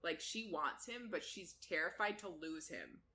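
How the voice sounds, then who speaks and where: A woman's voice: lowish voice, measured pace, pushed and bright, slight background noise. A woman co-hosting a podcast, chatting casually as she recaps a book, laughing often and swearing freely. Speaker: podcast co-host.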